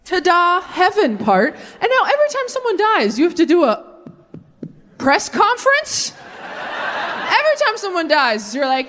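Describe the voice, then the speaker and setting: A woman in her thirties doing a stand-up comedy set on stage into a handheld mic, animated and jumping into mock voices for punchlines. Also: very high-pitched, normal speed. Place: comedy stage with a live audience.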